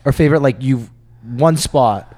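A man co-hosting a podcast, asking questions and chiming in with quick asides. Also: mid-range voice, a little mellow. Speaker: podcast co-host. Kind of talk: casual chat.

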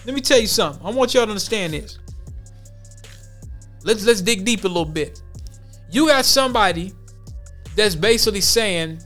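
A man's voice: high voice, moderate pace, a bit bright, soft background music. A man hosting a podcast, reading news stories aloud and commenting on them bluntly with slang. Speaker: podcast host.

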